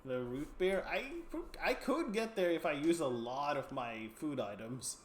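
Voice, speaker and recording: A man's voice: fairly high pitch, lively intonation, measured pace, reverberant, a little hiss or hum. A man streaming a video game, reading its text aloud and musing over his choices in a casual way. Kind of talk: casual game narration and commentary.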